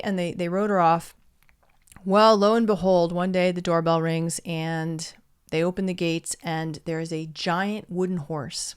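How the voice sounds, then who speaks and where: A woman's voice: lowish voice, flat delivery, a little slow, smooth. A woman casually retelling an old myth and reflecting on why stories matter, in a thoughtful way. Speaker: storyteller. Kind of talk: reflective storytelling monologue.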